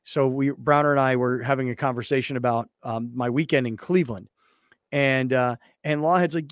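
A man's voice: normal speed, dry recording, studio quality. A man hosting a sports radio show, telling stories in casual banter and mimicking others. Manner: animated storyteller, mimics others with high voices.

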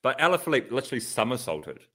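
A man's voice: medium pitch, very animated, fast, sharp tone. A man, a pro cyclist co-hosting a podcast, telling race stories in loose, sweary chat full of restarts and fillers.

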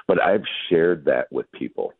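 Man in his 50s calling a radio show, super deep low voice, earnest, tinny phone sound, dry. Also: expressive, unhurried, breathy edge, no room sound. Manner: earnest and grateful, with many fillers. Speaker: caller. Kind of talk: call-in radio chat.

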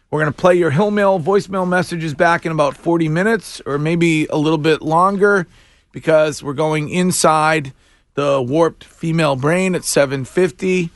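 A man hosting a morning radio show, talking in a wry, animated way with chuckling asides. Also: a little high, moderate pace, no room sound. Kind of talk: casual talk radio banter. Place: radio studio.

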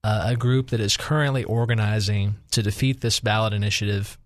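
A man's voice: lowish voice, steady tone, brisk, no room sound, studio quality. A man, an attorney on a radio talk show, explaining legal advice step by step. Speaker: attorney guest.

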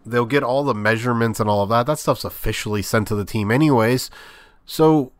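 A man's voice: mid-range voice, brisk, no echo, studio quality. Rambling, filler-heavy male sports host. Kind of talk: casual sports commentary monologue.

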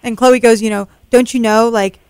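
A woman's voice: fairly high pitch, fairly even intonation, moderate pace, a little mellow, clean tone, dry recording. A woman in a casual podcast chat, retelling scenes with frequent laughter.

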